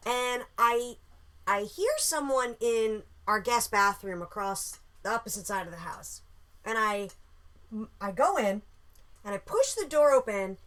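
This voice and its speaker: A woman casually telling a story about a dream, animated and swearing freely. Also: fairly high pitch, unhurried.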